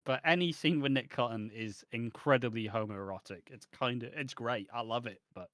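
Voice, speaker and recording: A man at a middle pitch, talking loosely and cursing as he riffs with a co-host. His voice sits dry and close to the mic, with no room around it. He laughs often and breaks into mock voices. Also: moderate pace, fairly bright tone, no room sound. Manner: rambling, sweary, laughs often, slips into mocking quoted voices. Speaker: podcast co-host. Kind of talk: casual chat reviewing a soap opera.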